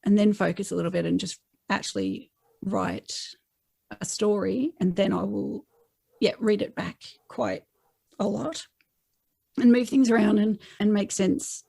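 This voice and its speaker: An Australian woman talking in a relaxed, chatty way, with a gravelly, fry-tinged voice at an ordinary pitch. She slips into little put-on voices for quoted lines as she tells a story, and the sound is dry and close. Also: a little slow, no room sound. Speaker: author guest. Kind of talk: casual interview chat.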